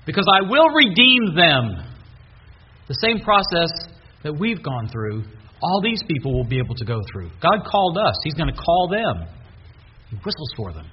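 A man preaching a sermon, earnestly reading scripture aloud with emphasis. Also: on the high side. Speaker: pastor. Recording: dull lo-fi recording, faint hiss.

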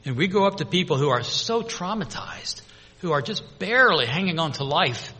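A man preaching a sermon to his congregation, swinging between loud proclamation and hushed, intimate storytelling. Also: fairly high pitch, animated, moderate pace, breathy edge, in a large hall. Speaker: pastor.

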